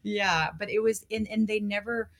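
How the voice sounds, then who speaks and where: A woman's voice: mid-range voice, moderate pace, crowd noise. An American woman telling travel stories in casual chat, acting out the people she quotes. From United States. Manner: lively storyteller acting out quotes.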